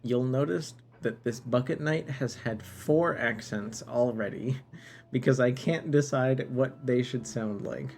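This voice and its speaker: A man's voice: mid-range voice, a little slow, darkish tone, slight background noise. A man streaming a game live, musing aloud and bantering playfully with viewers.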